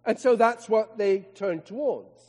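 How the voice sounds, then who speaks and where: A higher-pitched man preaching from the pulpit. He leans on rhetorical questions and slows down to stress key words. His voice carries a long reverb, as in a large church. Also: a little mellow. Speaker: vicar. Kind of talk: sermon.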